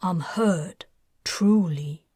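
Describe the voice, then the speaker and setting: A woman voicing Ariel, a shrewd, mocking female underworld boss with a wry, smooth manner, in an audiobook. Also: on the low side, very slow, dark tone, no room sound, clean studio sound, exaggerated voice.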